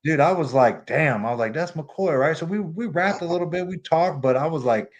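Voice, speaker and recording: A man casually telling a long, rambling sports-fan story on a podcast in a relaxed, easygoing way. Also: on the high side, fairly quick, highs cut off, slight background noise. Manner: laid-back, rambling, lots of "you know what I mean". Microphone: remote call mic.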